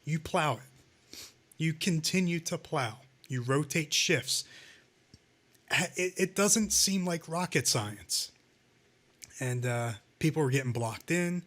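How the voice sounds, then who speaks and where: Guy on a call-in show ranting about stuff, cusses a lot, kinda high voice. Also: expressive, slow pace, long pauses, fairly bright tone. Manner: ranting, sarcastic, swears a lot. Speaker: podcast co-host. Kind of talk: casual profane chat.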